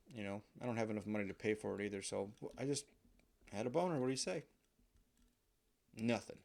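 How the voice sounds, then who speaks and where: A man hosting a podcast, telling a comic personal story in a profane, self-mocking, rambling way. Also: medium pitch. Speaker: podcast host.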